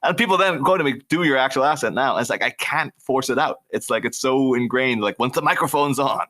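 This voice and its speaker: Irish man with a bright, near-American voice. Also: medium pitch, fairly quick. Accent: mild Irish, near American on mic. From Ireland. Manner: chatty, laughs while telling stories. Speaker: podcast guest. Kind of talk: casual chat.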